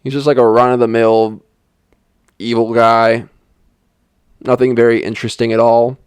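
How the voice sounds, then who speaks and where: A man's voice: medium pitch, flat delivery, moderate pace, smooth, no echo. A young man giving a sarcastic, rambling comedic movie review, with lots of "like" fillers. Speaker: film reviewer. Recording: dry voice-over.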